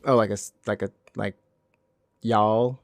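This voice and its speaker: Podcast guy, middle pitch, asks stuff and says mm-hmm a lot, dead dry mic. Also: darkish tone, no echo. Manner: asks questions, quick short backchannels. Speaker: podcast co-host. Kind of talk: casual chat about video games.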